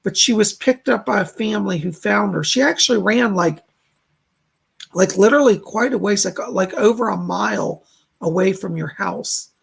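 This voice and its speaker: A man with a high, creaky, husky voice hosts a live stream at normal speed, giving chatty psychic readings and passing along spirit messages, with plenty of filler words.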